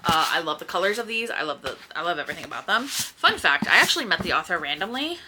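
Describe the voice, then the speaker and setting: A woman's voice: fairly low pitch, very animated, fast, noisy background. A woman, chatting casually and rambling at home by her bookshelves, speaking toward a camera and swearing now and then. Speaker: book vlogger. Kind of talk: casual chat. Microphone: camera in front.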